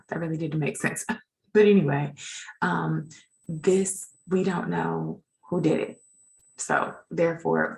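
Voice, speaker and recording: A woman's voice: fairly low pitch, creaky, a little mellow, rough recording. A woman teaching legal writing in an informal recorded lecture, chatty and self-deprecating as she edits her slides.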